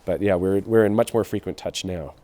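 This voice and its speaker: A film director answers interview questions in a reflective manner, often pausing on fillers. His voice is a little lower than average. He sounds thoughtful and measured. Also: dark tone.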